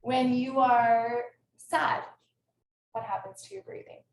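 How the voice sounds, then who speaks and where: A woman's voice: a little high, fairly even intonation, slow. A woman who teaches kindergarten, giving an earnest, passionate talk to an audience over a video call. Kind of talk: presentation to an audience. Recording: echoey room, distant mic, faint noise.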